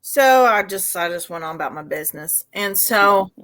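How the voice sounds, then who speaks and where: A middle-aged woman with a Southern accent telling a family story on a casual podcast, laughing as she goes and shouting when she acts out scenes. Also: medium pitch, lively intonation, normal speed. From Arkansas. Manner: laughs through her own stories, shouts when acting out scenes. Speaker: podcast co-host.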